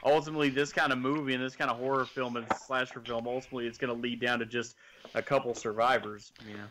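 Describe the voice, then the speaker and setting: A man co-hosting a podcast in casual chat, relaxed and agreeable. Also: medium pitch, fast, a little hiss or hum, low-quality recording. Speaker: podcast co-host.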